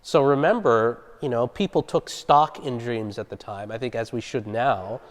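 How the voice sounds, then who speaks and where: A man's voice: mid-range voice, normal speed. A man leading a Bible study in a conversational teaching style, explaining a passage and putting questions to his group. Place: church hall. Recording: long reverb of a large hall.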